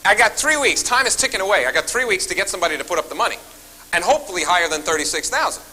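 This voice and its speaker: A man's voice: high voice, racing, husky, rough recording. A man telling stories at a seminar, acting out his phone calls and turning often to the audience. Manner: animated, acts out phone calls, talks to the audience. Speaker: seminar speaker. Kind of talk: seminar storytelling.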